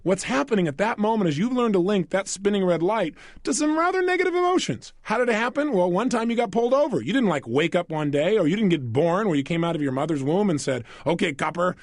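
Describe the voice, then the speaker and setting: A man talking through a recorded self-help program, animated, asking the listener questions and acting out quoted voices. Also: sits high, quick pace, hardly any pauses, no room sound, clean studio sound. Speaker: motivational speaker.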